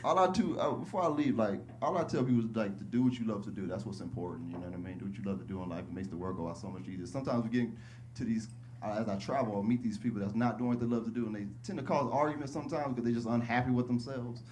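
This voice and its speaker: A male stand-up comedian telling stories casually on a club stage, slipping into high-pitched voices when he quotes people. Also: very fast, darkish tone, a little hiss or hum. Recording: live club recording with audience laughter.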